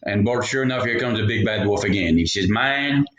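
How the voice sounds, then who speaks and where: A man's voice: on the low side, fast talker, a bit bright, lo-fi sound. A man telling a folksy story, rambling into jokey asides. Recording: roomy echo.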